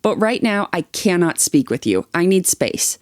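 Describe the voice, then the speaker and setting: A woman's voice: on the low side, big pitch swings, unhurried, no room sound. Woman reading posts aloud, dry sound. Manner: reads posts aloud, then chats with blunt, swearing opinions. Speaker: podcast co-host reading online posts. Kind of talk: reading aloud and casual chat.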